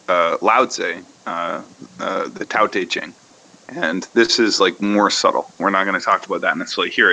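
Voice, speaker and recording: A man's voice: low-pitched, pushed and bright, a little hiss or hum, rough recording. A man hosting a casual podcast discussion, lecturing in a rambling way that thinks aloud, with fillers and restarts. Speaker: podcast host.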